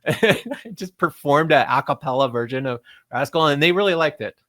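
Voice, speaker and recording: A fairly high-voiced middle-aged man telling stories as an interview guest. He talks in a lively, animated way, slipping into put-on voices for quotes and laughing along the way. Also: fairly quick. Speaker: interview guest, game developer. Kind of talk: casual storytelling interview.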